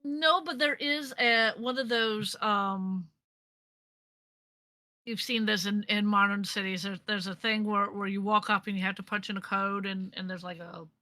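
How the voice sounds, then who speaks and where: A woman running a tabletop role-playing game as game master, describing scenes haltingly with many restarts. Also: medium pitch, fairly even intonation, bright, forceful tone, dry recording. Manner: halting, full of restarts and fillers.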